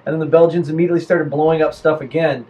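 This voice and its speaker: A man's voice: fairly high pitch, level tone, racing, dark tone. A man co-hosting a comedy podcast, rambling jokily with many fillers. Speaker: podcast co-host. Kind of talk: comedic casual chat.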